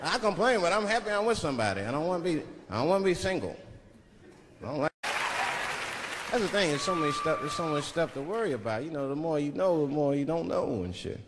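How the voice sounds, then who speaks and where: A male stand-up comedian with a fairly high voice spins loose, profane stories in a conversational way. He is recorded live on a theatre stage, and the sound has a long hall reverb. A loud crowd is heard behind him. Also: expressive, quick pace. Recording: live theatre with audience noise.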